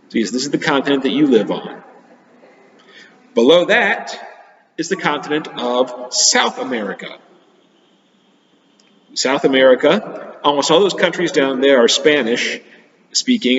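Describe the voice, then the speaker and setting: A male teacher giving a geography lesson to children, explaining simply and patiently with frequent pauses. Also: medium pitch. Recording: dull, echoey room with long reverb.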